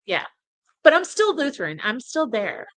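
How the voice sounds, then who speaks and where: A woman's voice: high-pitched, very animated, normal speed, a bit bright, dry recording, poor audio. A woman from North Dakota with a Midwestern accent, chatting and giggling in a bubbly way on a live show. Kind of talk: casual live show chat.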